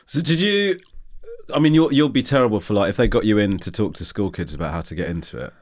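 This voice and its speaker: Quick, lively male interview host. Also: lowish voice. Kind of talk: casual interview.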